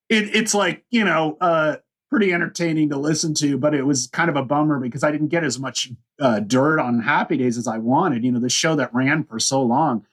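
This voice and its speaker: A man hosting a podcast, casually rambling through a history with lots of "you know" fillers. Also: on the high side. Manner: rambling, many fillers and restarts. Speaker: podcast host. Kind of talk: casual chat, historical overview.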